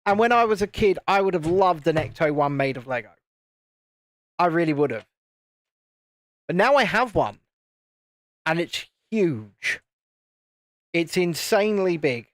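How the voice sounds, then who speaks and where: A man's voice: a little high, expressive, a little slow, pauses often, dry recording, clean studio sound. A British man in his late thirties hosting a live stream, chatting casually while building, in a rambling, self-interrupting way. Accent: British English. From United Kingdom. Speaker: YouTube channel host.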